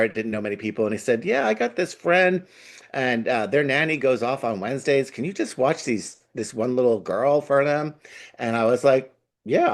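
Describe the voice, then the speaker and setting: A man from Long Island with a Long Island accent, a guest telling an animated story and acting out the voices in it. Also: fairly low pitch. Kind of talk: casual storytelling.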